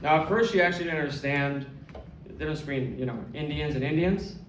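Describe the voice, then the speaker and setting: A man doing a stand-up set in a comedy club, telling stories deadpan and landing punchlines with energy. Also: fairly high pitch, fast talker, noisy background. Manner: deadpan storytelling, animated punchlines. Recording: roomy club, distant mic. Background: audience laughter.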